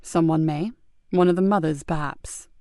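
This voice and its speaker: A woman voicing a weary, steady male police sergeant who talks low and measured. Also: no echo, clean studio sound, close to an everyday voice. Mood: calm.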